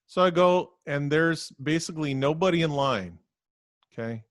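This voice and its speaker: A man co-hosting a podcast, telling a story in a profane, ranting way that gets louder as he gets worked up. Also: medium pitch, lively intonation, moderate pace, no room sound, studio quality. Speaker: podcast co-host. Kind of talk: casual chat.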